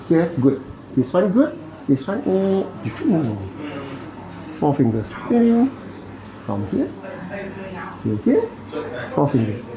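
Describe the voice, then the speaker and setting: A man's voice: fairly high pitch, roomy sound. Malaysian man counting through a treatment. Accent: Malaysian English. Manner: counts aloud and adds playful sound effects. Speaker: bone-setting practitioner. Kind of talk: commentary while treating a patient.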